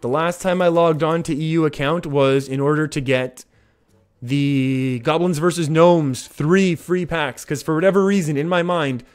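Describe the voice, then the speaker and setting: A man streaming a card game, chatting casually with his viewers and reacting with excitement to each play. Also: on the high side, moderate pace, clean tone. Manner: chatty, reads chat aloud, excitable. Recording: faint music behind.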